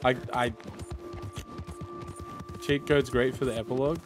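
A man's voice: medium pitch, steady tone, a little slow. Chill guy streaming a game and chatting, mid voice, game music and horse hooves behind. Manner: easygoing, chatty, reacts and thanks followers. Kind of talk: casual chat while gaming.

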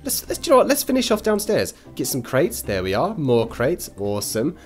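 A young man giving excitable, chatty gameplay commentary and talking straight to his viewers. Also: fairly high pitch, fairly quick, faint music behind. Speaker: YouTuber.

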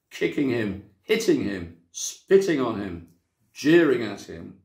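A man from a church reading a children's story aloud, with measured, dramatic storytelling. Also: mid-range voice, darkish tone. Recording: echoey room.

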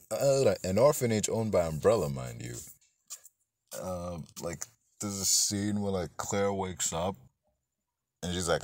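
A man's voice: on the low side, darkish tone, no echo, clean studio sound. A man giving a rambling, profane, casual movie review, full of fillers and self-corrections, acting out bits of dialogue as he goes. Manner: acts out characters' lines in snippets.

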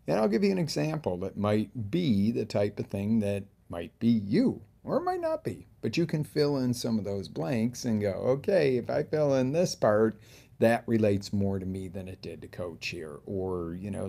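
Gravelly animated male fitness coach. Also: moderate pace. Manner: animated, swings between loud bursts and low asides; talks through examples with acted-out inner voices. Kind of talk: motivational talk to camera.

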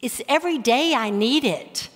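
A middle-aged woman teaching a Bible study on parenting, talking in a conversational, animated way. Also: high-pitched, normal speed. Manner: conversational, animated, with laughs and acted-out examples. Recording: echoey hall with long reverb.

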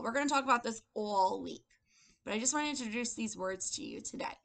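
Bright, gravelly-voiced woman teaching little kids. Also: a little high, animated, fast. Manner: patient, sing-song prompting. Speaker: preschool teacher. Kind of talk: circle-time lesson for young children. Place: indoor room with a table.

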